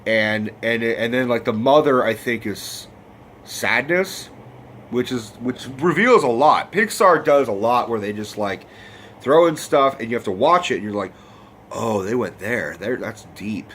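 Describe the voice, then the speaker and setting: A man's voice: medium pitch, lively intonation, measured pace, fairly bright tone, a little hiss or hum. A man giving a casual, rambling film review, swearing freely and getting emotional. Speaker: movie review vlogger.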